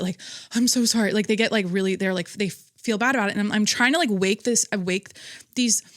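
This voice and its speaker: A woman's voice: mid-range voice, no room sound, studio quality. Blunt, profane woman podcast host. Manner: blunt, profane, animated storytelling. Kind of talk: casual monologue.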